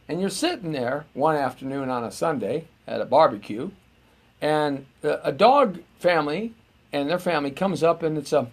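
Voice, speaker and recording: A man's voice: a little high, slightly rough. A middle-aged man hosting a live show, rambling and joking as he muses aloud to viewers. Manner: rambling and jokey, musing aloud.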